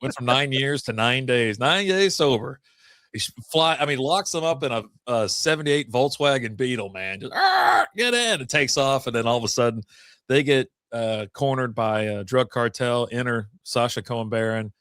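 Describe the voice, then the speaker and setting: A man co-hosting a relaxed movie review chat. He speaks in a mid-range voice, recorded close with no room sound, laughing often as he eagerly recaps the plot. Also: mid-range voice, normal speed, clean tone, no room sound. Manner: laughs often, animated retelling of scenes. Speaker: podcast co-host.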